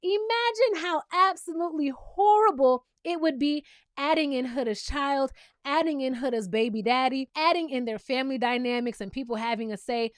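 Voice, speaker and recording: A woman's voice: high voice, moderate pace, no room sound, clean studio sound. A woman hosting a reality TV recap, talking in a sassy, blunt, teasing way with casual, opinionated commentary.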